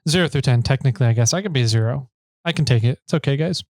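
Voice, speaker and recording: A man's voice: medium pitch, very fast, darkish tone, no room sound, clean studio sound. A man co-hosting a casual podcast, chatty and joking as he introduces listener voicemails. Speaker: podcast co-host.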